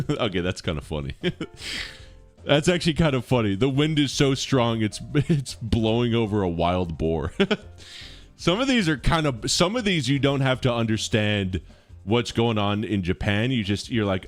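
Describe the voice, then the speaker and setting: A man's voice: mid-range voice, big pitch swings, a little slow, faint music behind. A man streaming live, chatting with his chat, talking casually and mock-pompously while reading verse aloud. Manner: mock-pompous, swings between big dramatic readings and mumbled asides.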